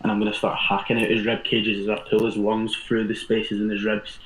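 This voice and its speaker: A man's voice: lowish voice, monotone, brisk, fairly bright tone, roomy sound, poor audio. A man playing a tabletop game, mixing menacing in-character threats with casual description of his actions. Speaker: player. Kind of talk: tabletop role-play.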